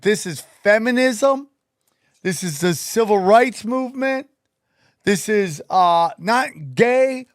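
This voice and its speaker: A man hosting a podcast in casual chat, animated and joking, with crude asides. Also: sits high, no room sound, clean studio sound. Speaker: podcast host.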